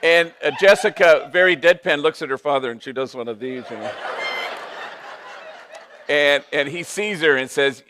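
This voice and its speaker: A man's voice: fairly high pitch, normal speed, pushed and bright, smooth. A man, a priest, giving a storytelling talk, sprinkling in Spanish phrases. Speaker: priest and speaker.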